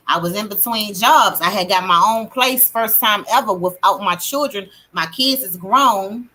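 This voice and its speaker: A middle-aged woman hosting a livestream, telling her testimony in a casual, animated way and greeting chat viewers. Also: mid-range voice, a little slow. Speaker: livestream host.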